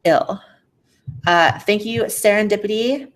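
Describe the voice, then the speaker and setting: A woman's voice: mid-range voice, takes it slowly. A woman hosting a casual livestream and reading super chats aloud, blunt and profane, on a faulty mic that keeps cutting out. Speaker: livestream host.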